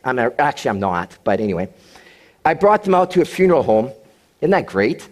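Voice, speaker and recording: A man's voice: mid-range voice, sing-song, brisk, darkish tone. A male pastor preaching to his congregation, encouraging them and adding joking asides. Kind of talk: sermon.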